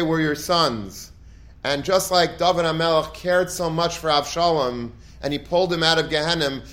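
A man's voice: on the high side, fairly bright tone. Earnest man telling a Torah story. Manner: earnest, emotive storytelling with frequent restarts and Hebrew and Yiddish terms. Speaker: Torah teacher.

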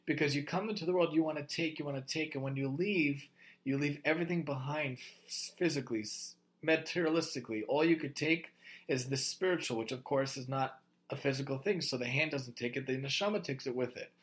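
A man's voice: on the high side, brisk. Man giving an emphatic religious talk. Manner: emphatic, repeats rhetorical questions. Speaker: Torah teacher.

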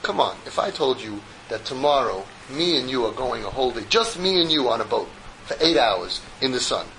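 Animated, bright-voiced male Torah teacher. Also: mid-range voice, a little fast, a little hiss or hum, poor audio. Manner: animated storyteller, jokes. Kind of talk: Torah lecture to a group.

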